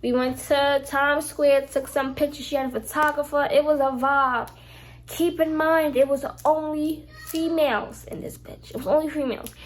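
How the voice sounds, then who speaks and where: Young woman vlogger, high-pitched, casual storytime, animated and profane, acts out quotes. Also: normal speed. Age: young adult. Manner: animated, swears freely, acts out quoted lines. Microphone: phone camera.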